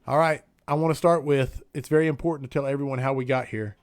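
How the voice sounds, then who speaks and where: A man's voice: mid-range voice, steady tone, fast, no room sound, studio quality. A man hosting a casual live interview podcast, upbeat and friendly as he introduces and banters with his guest. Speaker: podcast host.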